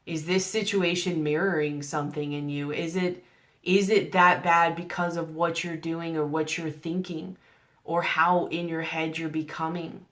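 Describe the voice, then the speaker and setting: A woman's voice: sits low, level tone, unhurried, fairly bright tone. A woman giving a general tarot reading to camera, earnest and coaxing, asking the listener one rhetorical question after another. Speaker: tarot reader.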